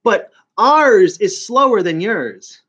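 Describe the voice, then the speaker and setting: This forties-aged man has a New York accent and a high, slightly bright, husky voice with lively intonation, though he takes it slowly. On a live stream he chats casually to viewers, rambling and stopping and starting, over dull lo-fi audio.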